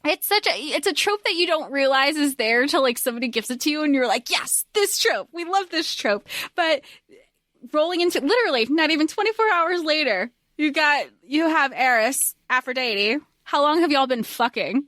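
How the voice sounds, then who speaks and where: High, bright-voiced gushing woman co-host. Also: moderate pace, no echo, clean studio sound. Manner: gushing, excited fan talk. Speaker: podcast co-host. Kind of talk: casual book-discussion chat.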